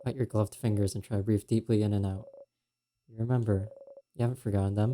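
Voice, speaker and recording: A man streaming a game, reading its second-person narration aloud in a quiet, steady way. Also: on the low side, fast, slight background noise.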